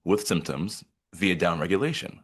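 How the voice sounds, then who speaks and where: Deep-voiced man hosting an interview. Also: animated, husky. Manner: curious, asks drawn-out questions. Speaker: podcast host and counselor. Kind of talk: conversational interview.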